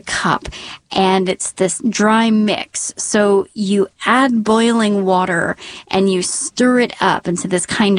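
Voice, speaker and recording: A woman telling a personal story with dry, wry humor, dropping to a hushed whisper at tense moments. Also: medium pitch, no echo.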